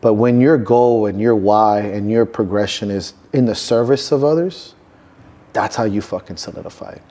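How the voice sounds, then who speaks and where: A man's voice: lowish voice, moderate pace, warm tone. A man coaching strongmen, talking earnestly about purpose and legacy in a podcast interview, swearing now and then for emphasis. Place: gym.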